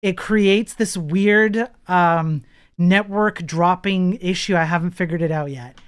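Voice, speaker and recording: A man's voice: high-pitched, slow pace, clean tone. A man chatting casually on a live coding stream, blunt and profane, laughing often.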